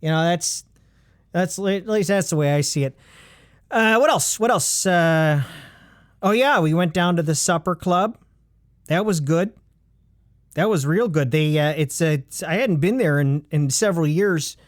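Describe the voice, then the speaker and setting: رجل بصوت عالٍ قليلًا يثرثر بجدية ساخرة. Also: male voice, fairly high pitch, no room sound, studio quality. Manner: halting, full of fillers and restarts, mock-earnest. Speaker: comedy podcast host. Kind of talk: deadpan rambling comedic monologue.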